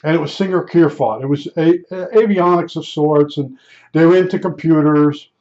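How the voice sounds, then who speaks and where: An older man from New Jersey recounts a personal story in a loose, rambling way, stopping and restarting often. His voice sits a little high for a man. The recording is dull and lo-fi. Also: moderate pace, a little mellow. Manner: rambling, conversational, many fillers and restarts. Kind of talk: casual personal anecdote.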